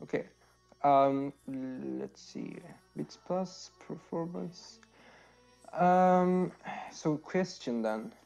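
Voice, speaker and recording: A man's voice: on the high side, sing-song, drawn-out words, vocal fry, a little mellow, muffled recording, soft background music. A man playing in a tabletop game, talking hesitantly with many fillers. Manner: hesitant, many ums and restarts. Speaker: player. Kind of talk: casual tabletop play.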